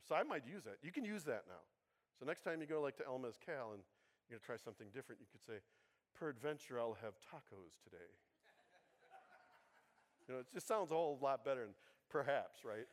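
A man giving a sermon in a casual, conversational way, with humorous asides and frequent rhetorical checks with his listeners. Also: medium pitch. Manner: conversational, keeps asking the congregation "right?". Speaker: pastor.

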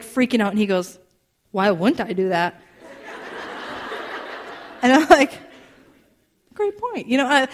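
A woman in her thirties preaching with an animated, storytelling delivery, laughing often and acting out quoted voices. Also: mid-range voice. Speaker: speaker. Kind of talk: storytelling sermon.

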